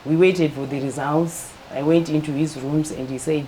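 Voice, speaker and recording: A middle-aged woman calmly telling her personal story as an interview guest. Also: deep voice, normal speed, slight background noise, low-quality recording. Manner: calm, matter-of-fact, acts out quoted dialogue.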